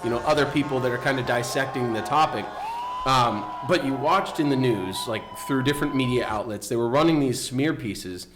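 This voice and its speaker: A man's voice: mid-range voice, a little fast, music in the background, poor audio. A man co-hosting a podcast, chatting casually and sarcastically with frequent restarts. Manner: sarcastic, joking, rambling with restarts. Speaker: podcast co-host. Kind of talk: casual political chat.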